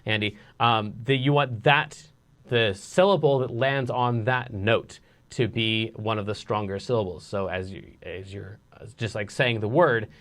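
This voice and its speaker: A man casually teaching songwriting in a live online lesson, relaxed and rambling with restarts. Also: lowish voice, unhurried. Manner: sings nonsense syllables to show rhythm.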